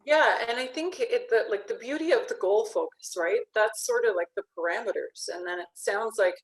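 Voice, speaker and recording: A woman's voice: medium pitch, moderate pace, rough recording. A woman hosting an online interview, responding to her guest in an eager, affirming way and summing up his points. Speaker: host. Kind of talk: conversational interview.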